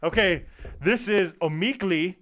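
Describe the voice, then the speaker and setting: A man's voice: sits high, a little slow, a bit bright. A man hosting a casual chat, introducing bands and tripping over names. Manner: easygoing, stumbles over names. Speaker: show host. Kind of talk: casual radio-style chat.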